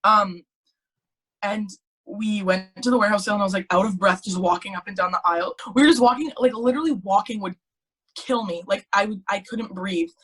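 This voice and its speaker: A teenage girl in casual chat, telling her story in an animated way with lots of filler words. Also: mid-range voice, a little fast, breathy edge. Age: teens. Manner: chatty, animated storytelling with many "like"s. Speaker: guest.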